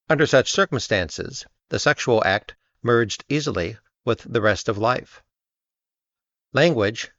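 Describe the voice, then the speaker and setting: A man reading an essay aloud in a measured, even narration. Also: mid-range voice, no room sound. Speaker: reader. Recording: dull lo-fi dry recording.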